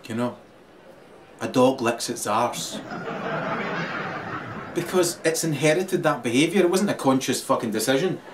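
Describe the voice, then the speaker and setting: A man's voice: mid-range voice, lively intonation, measured pace, long pauses. A man with a Scottish accent in a rambling, crude monologue who keeps laughing as he talks. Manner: crude, laughs through his talk, swings loud and quiet. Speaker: vlogger. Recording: distant mic, loud crowd and noise.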